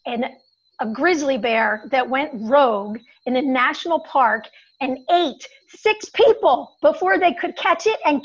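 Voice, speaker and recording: A woman's voice: high voice, muffled recording. A woman telling a personal childhood story, building suspense and acting out her panic.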